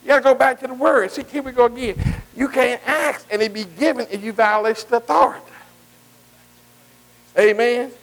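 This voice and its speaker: A man's voice: very high voice, fairly even intonation, normal speed, long pauses, poor audio. A man preaching a sermon as pastor, in a call-and-response style that keeps quizzing the congregation and asking "amen". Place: church.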